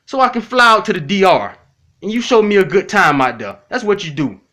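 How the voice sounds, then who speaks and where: In a response video, this YouTube commentator talks briskly in a high, sharp voice with big pitch swings. Casual and blunt, he speaks straight to his critics, cursing a lot and saying the same things repeatedly.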